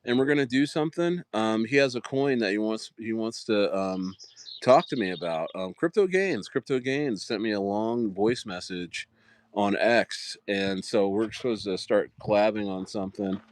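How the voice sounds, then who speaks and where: A man's voice: fairly low pitch, moderate pace, dry recording. A man hosting a casual livestream, chatting in a rambling way with lots of fillers and restarts. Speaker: livestream host.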